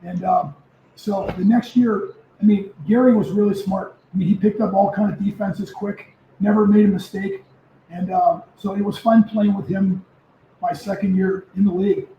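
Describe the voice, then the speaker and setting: A man in his seventies, a former football player, telling stories as a guest in a casual interview, lively and prone to repeating himself. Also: high voice, normal speed, creaky, a little hiss or hum. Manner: animated storyteller who repeats words. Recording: echoey, muffled remote audio.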